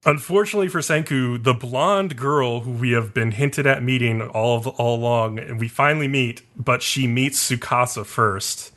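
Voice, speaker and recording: A man's voice: mid-range voice, normal speed, few pauses, fairly bright tone. Guy rambling through an anime recap on a podcast, says like a lot. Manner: rambling, heavy on "like" fillers. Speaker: podcast co-host.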